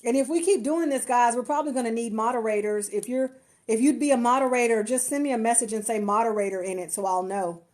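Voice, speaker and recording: A woman's voice: on the high side, fast talker, darkish tone. A woman marketer and empowerment coach chatting to viewers on a phone live stream, effusive and grateful. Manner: effusive, grateful, lots of restarts and laughter. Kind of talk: casual live-stream chat.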